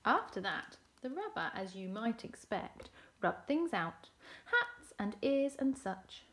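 Woman teacher, reading to a class, slow and lively, picture-book storytelling. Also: mid-range voice, a little hiss or hum. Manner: expressive, asks the children questions.

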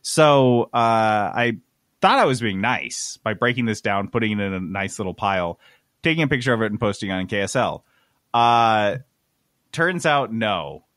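A man on a podcast telling a story casually, animated and exasperated, swearing freely. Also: on the low side, normal speed, no room sound, studio quality. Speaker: podcast host.

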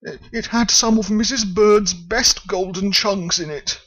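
A man reading aloud and voicing a polite, earnest little male bear with a raised, excitable voice. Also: high voice, unhurried, husky, pitched above the performer's own voice, exaggerated voice. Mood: upset.

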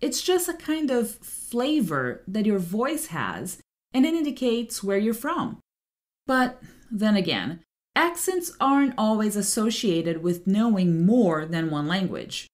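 A woman in her forties, a translator hosting her podcast, reading a prepared monologue evenly with light asides. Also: medium pitch. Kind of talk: scripted solo podcast monologue.

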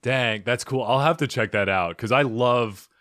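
A man's voice: medium pitch, normal speed, fairly bright tone, no room sound, clean studio sound. A man hosting a comedy podcast, joking and rambling and correcting himself in casual chat. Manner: jokey, rambling, self-correcting. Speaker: podcast host.

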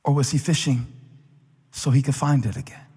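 A man preaching a sermon as pastor, building from quiet talk to impassioned shouting. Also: medium pitch, fairly even intonation, normal speed, breathy edge. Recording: large hall with long reverb.

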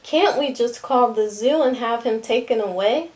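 A woman's voice: on the high side, moderate pace, a little mellow, close to an everyday voice. A woman reading the lines of a worried young boy who keeps suggesting ways out. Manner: anxious, pleading.

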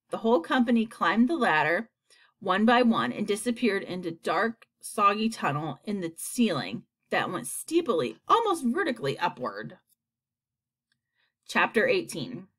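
Animated woman reading a storybook. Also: mid-range voice. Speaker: audiobook reader. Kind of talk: storybook narration.

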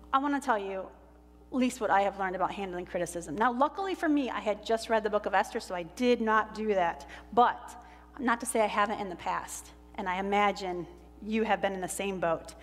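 A woman pastor delivering a sermon, telling a Bible story with animated delivery and slowing down for quoted lines. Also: mid-range voice, soft background music. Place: church sanctuary. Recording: church hall reverb.

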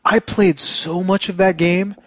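A man's voice: high voice, fairly even intonation, unhurried, no echo. A man co-hosting a casual gaming podcast, chatty and enthusiastic, laughing often. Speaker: podcast co-host.

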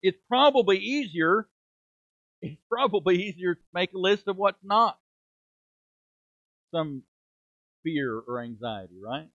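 Middle-aged male preacher, high pitch, emphatic sermon delivery, dull close recording. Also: expressive, measured pace, long pauses, fairly bright tone, no echo. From United States. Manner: emphatic preaching with rhetorical questions and dramatic drops in volume. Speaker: preaching minister. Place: church sanctuary.

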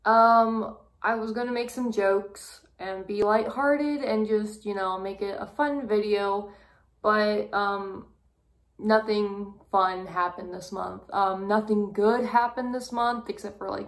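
A young woman talking through a personal month-review vlog, halting and full of fillers, fighting back tears. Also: mid-range voice, fairly even intonation. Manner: halting, with many fillers and pauses. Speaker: vlogger.

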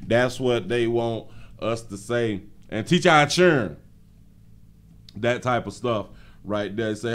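A man hosting a live stream, reacting to a video in loud, laughing, animated street talk. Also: medium pitch, takes it slowly, pauses often. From Florida. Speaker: show host.

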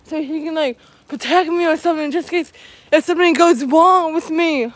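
High-voiced, jittery woman vlogging on foot. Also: a little fast, dry recording. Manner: jittery, rambling, repeats "you guys" often. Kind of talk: walking vlog talking to viewers. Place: outdoors, walking alone.

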